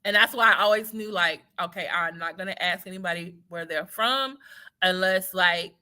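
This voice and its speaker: A woman's voice: fairly low pitch, moderate pace. A woman from Houston with a Texas Southern accent, a teacher talking casually and sarcastically on a livestream, wandering off on tangents. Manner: animated, sarcastic, digressive.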